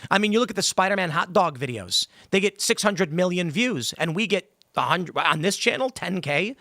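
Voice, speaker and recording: A man's voice: high-pitched, expressive, sharp tone, dry recording, studio quality. Pushy, argumentative male talk-show host. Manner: pushy, argumentative, quick to interrupt. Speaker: podcast host. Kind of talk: casual political talk-show debate. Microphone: studio microphone.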